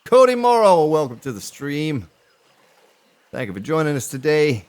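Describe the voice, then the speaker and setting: A man streaming a survival game live, chatting with his viewers as he plays. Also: a little slow. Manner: animated, pitch jumps on exclamations. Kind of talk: live gameplay commentary.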